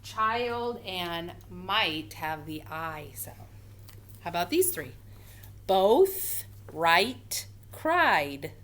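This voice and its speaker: Slow, careful woman teaching phonics. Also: lowish voice, very animated, a bit bright. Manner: slow, clear, sounding out words for children. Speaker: first grade teacher. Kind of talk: phonics lesson for young children.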